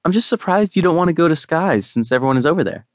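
A playful young woman with a teasing edge, as a male narrator puts her on. Her voice sits higher and swings lively up and down. The sound is dry and close. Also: quick pace, dry recording, close to an everyday voice.

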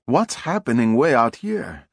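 A man voicing an excitable young male fisherman who cries out in alarm and indignation, read as an audiobook character voice. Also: a little slow, gravelly, breathy edge, no room sound, studio quality, exaggerated voice. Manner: shouts indignantly, voice jumps high.

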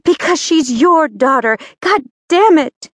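A woman's voice: medium pitch, normal speed, no echo, studio quality, natural voice. A woman narrator voicing a fierce middle-aged mother in an audiobook, speaking in a raised, impassioned voice. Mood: furious.

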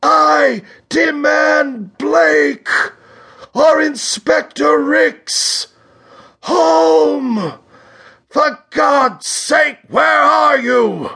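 A man voicing a frail young woman stage psychic, frightened and haunted, speaking in high trembling shrieks and pleas in an audiobook. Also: extremely slow, gravelly, pushed and bright, shouting, exaggerated voice. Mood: frantic shrieking. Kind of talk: audiobook character voice.

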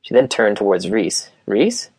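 Gravelly low male audiobook narrator. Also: a little fast, darkish tone, no echo. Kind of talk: scripted narration.

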